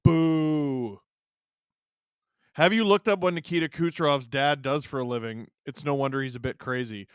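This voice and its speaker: A man's voice: mid-range voice, fast, hardly any pauses, fairly bright tone, clean tone, no room sound, clean studio sound. A man hosting a live stream, giving casual sarcastic commentary while watching a game and reading chat questions aloud. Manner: sarcastic, joking banter.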